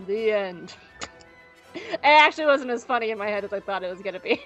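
A woman's voice: medium pitch, lively intonation, highs cut off, faint music behind. Jokey, rambling woman podcast co-host. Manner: rambling and jokey, with quick asides. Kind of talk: casual recap chat.

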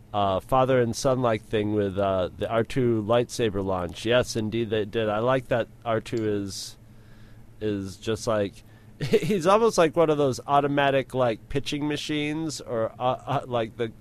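A man's voice: medium pitch, clear, resonant tone. A man co-hosting a podcast, chatting casually in a joking, laid-back way with frequent restarts. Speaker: podcast co-host.

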